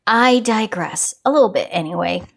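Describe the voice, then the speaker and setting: A woman's voice: mid-range voice, lively intonation, moderate pace, vocal fry. A woman hosting a crochet channel, giving a casual yarn review in a chatty, rambling way that wanders off on tangents. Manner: chatty and rambling, digresses with small laughs.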